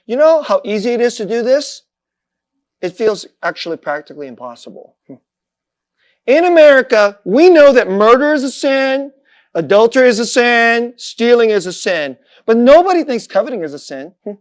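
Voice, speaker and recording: A man's voice: very high-pitched, very animated, moderate pace. A middle-aged man, a pastor, preaching a sermon in a conversational, self-deprecating way, chuckling often.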